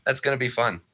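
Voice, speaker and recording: A man's voice: medium pitch, pushed and bright, lo-fi sound. A man rambling and joking in casual chat while he plays a game, with playful repetitions. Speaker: gaming streamer.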